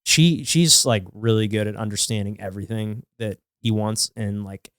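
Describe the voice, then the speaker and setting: A man's voice: fairly low pitch, normal speed, dry recording, studio quality. A man co-hosting a casual podcast who talks in an easygoing, chatty way with many fillers. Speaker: podcast co-host.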